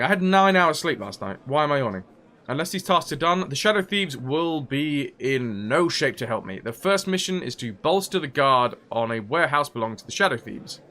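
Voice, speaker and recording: Joking, lively man streaming a game. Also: mid-range voice, a little fast. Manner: joking, chatty, laughs often. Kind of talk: casual let's-play commentary, reading quest text aloud.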